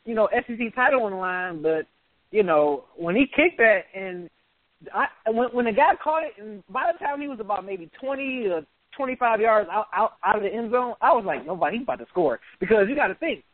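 A man co-hosting a sports podcast, telling the story in an excited, animated way. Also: high-pitched, a little fast, no room sound. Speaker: podcast co-host. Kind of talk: casual sports chat. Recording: tinny phone-like sound.

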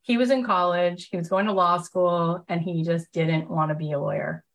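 A woman's voice: on the low side, steady tone, normal speed. A woman hosting a live motivational workshop, telling stories in a gushing, enthusiastic way with lots of casual fillers. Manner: chatty, heavy use of fillers like "like". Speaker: motivational host and coach.

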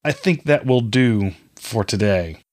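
A man's voice: medium pitch, expressive, a little slow, darkish tone, dry recording, clean studio sound, close to an everyday voice. A man voicing a stern male tutor who speaks with cold disgust.

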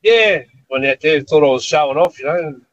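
A man calls in to radio and makes fun of his own mishap. His voice sits slightly high. The phone line sounds dull and muffled. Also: lively intonation, moderate pace, a bit bright. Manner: self-mocking, laughing at himself. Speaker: caller.

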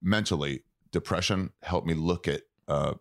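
A man's voice: deep voice, moderate pace, a bit bright, dry recording, studio quality. A man in his thirties, a comedian guest chatting casually and telling blunt, crude stories. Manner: crude, blunt storytelling with acted-out quotes. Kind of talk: casual podcast chat.

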